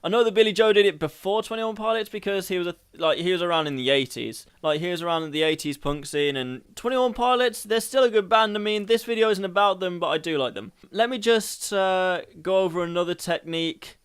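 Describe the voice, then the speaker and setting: A man hosting a casual singing tutorial, energetic and rambling, often laughing at himself. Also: sits high, fairly quick, hardly any pauses, clean tone.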